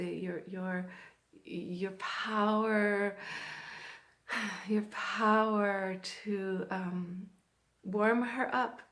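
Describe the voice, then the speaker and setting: A woman coaching men on dating in a casual advice vlog, earnest and halting, with many fillers and restarts and laughs between points. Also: medium pitch. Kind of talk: direct-to-camera advice vlog.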